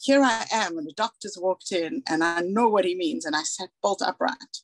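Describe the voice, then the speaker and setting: A woman's voice: on the low side, moderate pace, dry recording, poor audio. A woman in her forties from South Africa, giving a candid, earnest personal talk as a guest speaker and acting out the dialogue she recalls.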